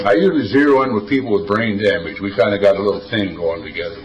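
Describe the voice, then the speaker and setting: An older man tells stories at a recovery meeting, drawling in a folksy, wisecracking style. His voice sits fairly low and sounds reverberant and far from the mic, and the audio is dull.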